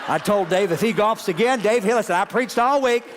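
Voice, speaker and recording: A man's voice: sits high, fairly quick, some chatter behind, slight background noise, natural voice. A man doing a bossy nagging woman preacher. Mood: complaining.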